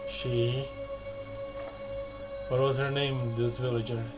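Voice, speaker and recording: A man's voice: mid-range voice, flat delivery, slow. Man reading game dialogue aloud. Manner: reads dialogue choices aloud, stumbles and repeats lines, wry asides. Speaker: gamer playing through a narrative game. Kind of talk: casual let's-play commentary. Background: game music.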